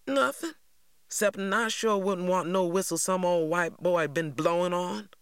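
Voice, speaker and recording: A man doing a high, sly needling boy. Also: a bit bright, clear, resonant tone, no room sound, clean studio sound. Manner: taunting, quick, high and wheedling.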